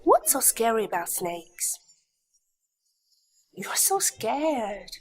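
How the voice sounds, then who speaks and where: An actress playing a sharp-tongued, unflappable young wife in a dubbed drama, brisk and teasing. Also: female voice, a little high, sing-song, exaggerated voice. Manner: brisk and teasing, dryly mocking.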